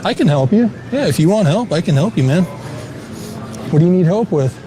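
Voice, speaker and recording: A man confronting someone face to face inside a mall. He talks calmly and coaxingly, repeating that no one means harm, and his voice sits slightly high. Clear mall noise runs under his body-mic recording. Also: moderate pace. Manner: calm, coaxing, repeats reassurances. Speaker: confronter for a vigilante group. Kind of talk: on-the-street confrontation. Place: indoors at a shopping mall. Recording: clip with clear background noise.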